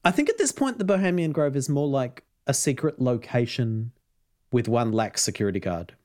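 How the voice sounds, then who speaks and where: A man's voice: mid-range voice, expressive, normal speed, a little mellow. A man casually retelling a story as podcast host, with frequent ums and laughs. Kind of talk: casual chat.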